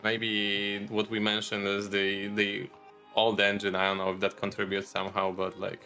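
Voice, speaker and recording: Podcast guest: man, low pitch, sharp edge, loose rambling chat, faint music underneath. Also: moderate pace. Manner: relaxed, rambling with restarts. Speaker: guest, video creator.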